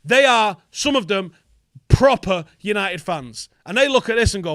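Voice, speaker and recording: A man's voice: sits high, expressive, moderate pace, a bit bright, no room sound, clean studio sound. A young man hosting a football fan vlog, ranting in an angry, sweary, emphatic way. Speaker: football fan channel host.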